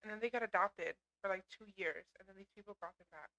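Bright-voiced young woman in slangy chat. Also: medium pitch, fast talker, rough recording. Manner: casual, slangy, swears freely, calls others dude. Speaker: podcast co-host. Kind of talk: casual chat.

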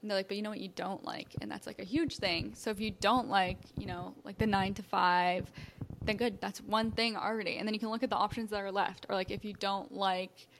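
A young woman in her early twenties chats on a podcast, piling on fillers and speeding through quick bursts. Her voice sits at an ordinary pitch, and a faint noise hums under the recording. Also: fairly even intonation. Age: early 20s. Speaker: podcast co-host. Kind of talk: casual chat.

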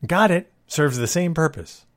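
A man's voice: on the high side, expressive, measured pace. A man hosting a casual solo podcast, talking in a wry, exasperated way. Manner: wry, exasperated complaining about movie cliches. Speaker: podcast host.

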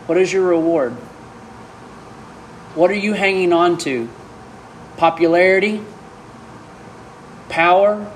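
A man's voice: high-pitched, slow, pauses often, slight background noise. A middle-aged man from Arkansas, preaching a sermon with emphatic rhetorical questions. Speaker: pastor.

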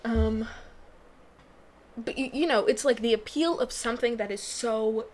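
A woman's voice: a little high, unhurried, darkish tone. A young adult woman hosting a casual solo podcast from a small booth, rambling and breaking off her own sentences, laughing often. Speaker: podcast host.

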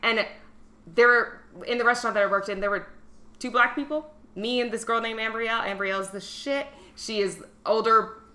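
Bright-voiced woman telling a story. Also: fairly high pitch, normal speed. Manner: expressive, imitates people in her stories. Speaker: podcast guest. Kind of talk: casual chat.

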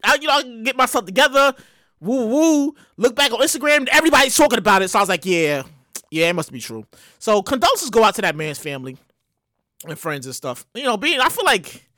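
A man giving casual news commentary in an animated way, swearing, stammering and restarting, with sudden loud mock exclamations. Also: very high-pitched, fast talker, no echo, studio quality.

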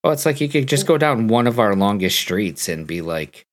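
Podcast co-host, woman, very low pitch, playful and quick to laugh. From Rhode Island, USA. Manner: joking, laughs often, jumps into high silly voices. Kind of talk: casual chat.

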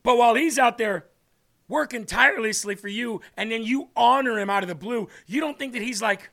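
A man with a high, bright voice and a gravelly edge speaks earnestly on a devotional talk show. He preaches with emphasis and keeps circling back to the same phrases to drive them home. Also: moderate pace. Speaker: host of a faith talk show.

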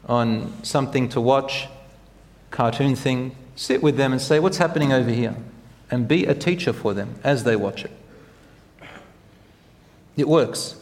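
A man's voice: medium pitch, big-room sound. A man preaching a sermon as a teacher, speaking earnestly and putting direct questions to his listeners.

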